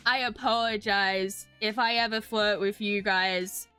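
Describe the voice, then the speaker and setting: A woman's voice: mid-range voice, steady tone, measured pace, hardly any pauses, pushed and bright, smooth, faint music behind. A woman streaming a story game, giggly and self-mocking, reading the narration aloud and chatting.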